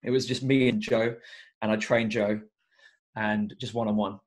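Speaking at normal speed with a lowish voice and little pitch movement, a young education coach is interviewed on a casual podcast. He comes across as earnest and reflective, leaning on plenty of fillers.

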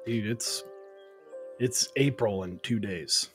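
A man's voice: on the low side, slow pace, soft background music. Laid-back young man telling stories. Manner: laid-back storytelling, acts out quoted kids. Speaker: co-host. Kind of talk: casual chat on a livestream.

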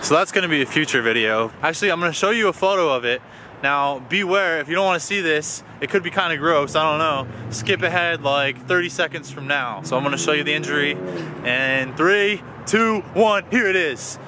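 Young male vlogger, bright tone, animated casual rants about food. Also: a little high, a little fast, slight background noise. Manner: animated, ranting, exclaiming. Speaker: vlogger doing a food review. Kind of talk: casual vlog chat.

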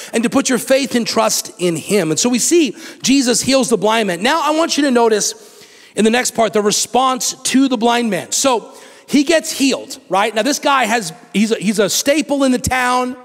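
A male pastor preaching a sermon, animated and acting out the story in different voices. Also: very high-pitched, in a large hall. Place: church sanctuary.

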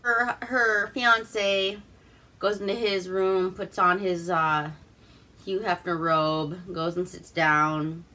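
A woman's voice: lowish voice, steady tone, takes it slowly, sharp tone. A woman from Alaska hosting a casual movie recap, rambling, swearing and laughing as she goes. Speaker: host.

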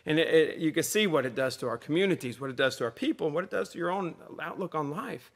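Pastor, male, slightly higher voice, easygoing sermon delivery. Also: animated, quick pace. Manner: conversational preaching with repeated refrains.

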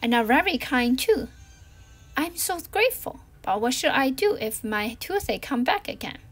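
Brief: woman reading a big storybook crocodile, grateful and pleading, voice sitting a bit high. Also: very animated, normal speed, faint music behind. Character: big sharp-toothed male crocodile, once selfish.

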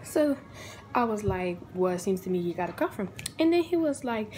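A woman's voice: medium pitch, very animated, moderate pace, dark tone, a little hiss or hum, rough recording. A young woman, telling a casual storytime and acting out the people in it with big swings in her voice.

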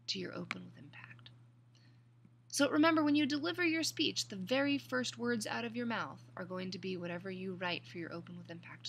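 Woman teacher walking students thru a speech assignment, a bit of vocal fry, emphatic, faint hiss behind. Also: mid-range voice, fairly bright tone. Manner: clear, emphatic, repeats reminders. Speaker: college speech instructor. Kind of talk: recorded class instructions.

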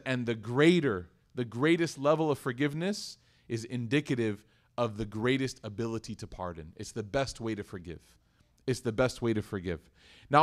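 A man giving a lively sermon to an audience, acting out quoted voices and asking the room questions. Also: on the high side. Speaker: religious teacher.

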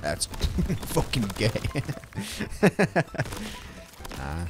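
A man's voice: fairly low pitch, wildly swooping pitch, very slow, noisy background. A man streaming a game, joking and rambling to himself in casual gameplay commentary. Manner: joking, rambling, self-talking while playing. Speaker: gaming streamer. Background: game music.

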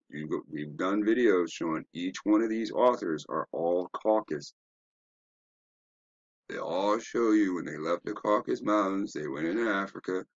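A man's voice: low voice, breathy edge, no echo, highs cut off. A man giving a rambling, profane, preachy commentary while browsing web pages, asking rhetorical questions. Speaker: online commentator.

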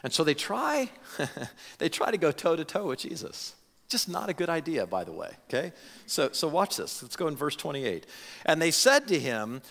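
A man preaching a sermon as a pastor, talking in an animated, conversational way with frequent restarts. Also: a little high, moderate pace, gravelly, long reverb tail. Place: church sanctuary.

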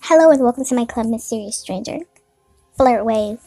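A woman's voice: a little high, normal speed, dark tone, no echo, natural voice. A woman voicing a charming young male racer.

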